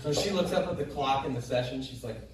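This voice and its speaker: A man's voice: medium pitch, quick pace, heavy reverb, recorded from a distance, over a noisy crowd. A man doing stand-up, telling a profane, exasperated story from a comedy club stage. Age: adult parent. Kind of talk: stand-up set.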